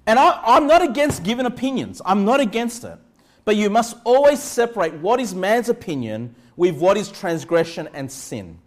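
Man, pastor, sermon, fairly high voice, calm teaching broken by loud shouted emphasis, keeps asking "all right?". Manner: repeats "all right?" and "okay?" to the congregation.

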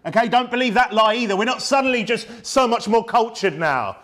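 A man's voice: extremely high pitch, lively intonation, a little fast, a bit bright. A man preaching a sermon in a church, emphatic and fiery, firing off rhetorical questions.

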